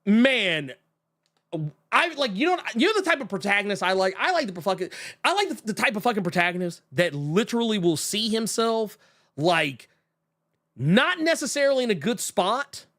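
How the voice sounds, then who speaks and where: A man co-hosting a podcast in casual chat, animated and profane, acting out characters mockingly. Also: high voice, normal speed. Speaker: podcast co-host.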